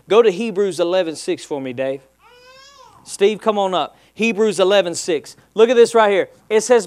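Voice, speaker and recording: A man's voice: high-pitched, dry recording. A man preaching a sermon as pastor, calling out to the congregation and building in intensity. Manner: call-and-response preaching, rising in intensity.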